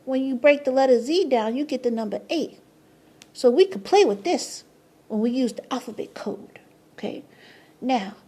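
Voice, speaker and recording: A woman explaining a number and letter method in a casual monologue, excitable and slangy, who swears, laughs often and keeps asking "okay?". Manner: rises to high squeals of surprise. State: tired, sleepy at times. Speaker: numerology vlogger.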